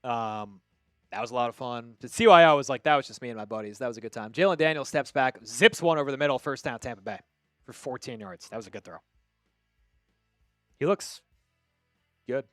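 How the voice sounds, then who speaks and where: A man's voice: mid-range voice, expressive, fairly quick, pauses often, a bit bright, dry recording, clean studio sound, faint music behind. A man from Long Island hosting a live football watch-party stream, calling plays and chatting casually with viewers. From Long Island, New York. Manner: casual, chatty, reads viewer messages aloud. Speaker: livestream host. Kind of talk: live game watch-party commentary with chat.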